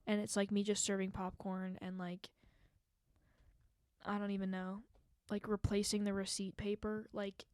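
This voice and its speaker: A woman's voice: medium pitch, a little mellow, clear, resonant tone, dry recording. A young woman hosting a solo podcast, chatting casually and rambling with lots of fillers and self-mocking asides into a handheld mic. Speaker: podcast host.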